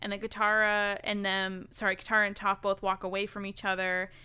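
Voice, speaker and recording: A woman's voice: medium pitch, monotone, fairly quick, sharp tone, clean tone. A woman co-hosting a podcast, casually recapping episodes with lots of ums, likes and swearing. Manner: loose and profane, many ums and likes. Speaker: podcast co-host.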